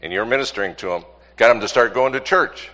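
A man's voice: mid-range voice, fast, sharp tone, big-room sound. A man preaching to a congregation, asking rhetorical questions and repeating points for emphasis. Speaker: pastor. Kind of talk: sermon with congregation.

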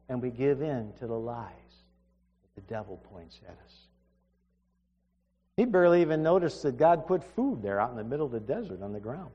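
A man's voice: mid-range voice, very animated, moderate pace, long pauses, slightly rough. A man preaching a sermon, earnest and emphatic, often restarting his sentences. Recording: dull reverberant hall recording.

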